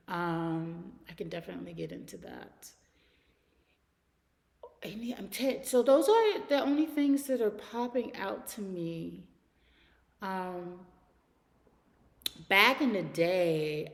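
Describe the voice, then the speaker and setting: Chatty woman podcaster in a reverberant room. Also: medium pitch. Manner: chatty, laughs often, drawn-out repeated phrases. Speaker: podcast host. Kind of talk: casual solo podcast chat. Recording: long hall reverb.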